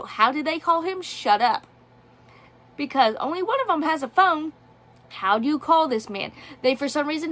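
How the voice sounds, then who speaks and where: Woman reviewer, slightly high voice, sarcastic, exasperated ranting. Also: a bit bright. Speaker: book reviewer. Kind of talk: casual book review vlog.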